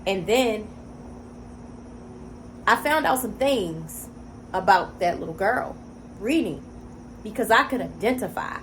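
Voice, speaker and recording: A woman at middle pitch tells a personal story as a single-mother vlogger, emphatic and full of "you know". Her talk is emotional and conversational, with repeated words for stress. A faint hiss sits under her voice. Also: lively intonation, takes it slowly, pauses often, fairly bright tone, low-quality recording.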